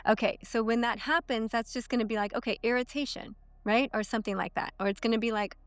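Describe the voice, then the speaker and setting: A woman's voice: a little high, fairly even intonation, fast talker, smooth, no room sound. A woman in her thirties, a coach and podcast guest, explaining ideas in a teaching way and often checking in with "okay?" and "right?". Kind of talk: explanatory interview talk.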